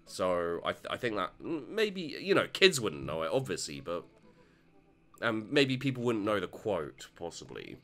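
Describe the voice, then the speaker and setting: A man doing gameplay commentary, excitable and joking, with frequent stammered restarts and casual swearing. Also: on the low side, normal speed. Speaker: let's play host. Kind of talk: gameplay commentary, reading dialogue aloud.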